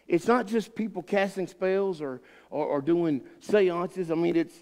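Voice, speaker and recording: A man's voice: high-pitched, a little mellow, in a large hall. A man pastor teaching a Bible study, telling a folksy, rambling story full of restarts. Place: church sanctuary.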